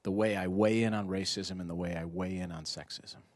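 Here a middle-aged man with a low-pitched voice talks fairly quickly in a dry recording. He's giving an energetic, rhetorical speech to parents at an indoor venue, engaging the audience and acting out pieces of conversation.

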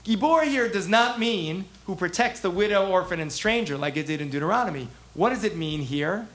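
A man teaching a text class as a rabbi, animated, asking the class questions and acting out the prophets' voices. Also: high voice, brisk. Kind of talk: interactive text lesson.

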